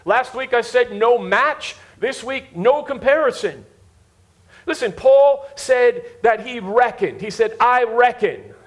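A man with a high voice preaches in an unhurried way, leaning on repeated words to drive each point home. He speaks straight to the congregation in front of him, asking whether they are following along. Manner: repeats words for emphasis, talks to the congregation directly. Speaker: pastor. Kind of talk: sermon. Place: church before a live congregation.

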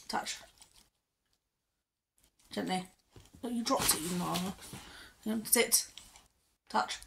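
A woman's voice: mid-range voice, slow pace, creaky. Chatty woman on a noisy phone recording. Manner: chatty, reads ingredient lists aloud and gives her dog short commands. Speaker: pet vlogger unboxing dog treats. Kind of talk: casual chat while training her dog.

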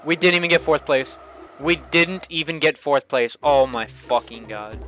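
Young male streamer, bright high voice, game music underneath, cursing, repetitive play-by-play. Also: moderate pace. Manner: frustrated, swearing, repeats himself. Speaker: gaming streamer. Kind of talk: live gameplay commentary. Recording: game music playing behind.

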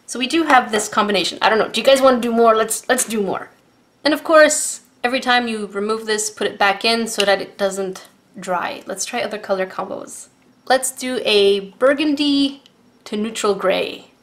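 A woman reviewing art supplies in a casual unboxing vlog, gushing and excitable as she talks to her viewers. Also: on the high side, normal speed.

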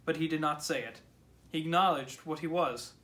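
A man leading a church's morning prayer, reading scripture and a sermon text in a measured, solemn way. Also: fairly high pitch, a bit bright.

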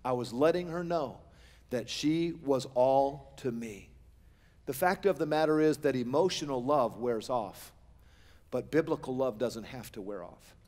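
A man, the pastor, preaching a sermon in a church sanctuary on a pulpit microphone, animated, with humorous asides. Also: mid-range voice, measured pace. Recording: long church-hall reverb.

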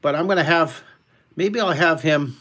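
A middle-aged man hosting a live drawing lesson for kids from home, talking in a playful, excitable and chatty way straight to his young viewers. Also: fairly high pitch, normal speed. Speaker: art teacher hosting a live kids' drawing webcast. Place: at home, son and cat in the room.

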